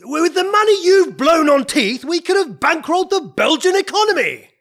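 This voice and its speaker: A man playing the fussy, exasperated king of the fairies in a comedy sketch, given to shouted outbursts. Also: very high-pitched, sing-song, moderate pace, heavily acted.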